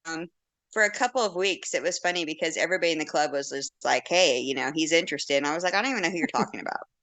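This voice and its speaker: A candid woman in her forties tells stories in casual podcast chat. Her voice sits low and lands with bright force. She acts out what others said and laughs easily. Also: very fast. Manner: animated, acts out quotes, laughs often; blunt and candid. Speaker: podcast guest.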